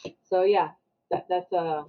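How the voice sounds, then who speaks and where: A woman, a podcast guest telling a story in casual talk and acting out the people she quotes. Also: measured pace. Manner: animated, acts out quotes with raised pitch. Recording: dull lo-fi sound.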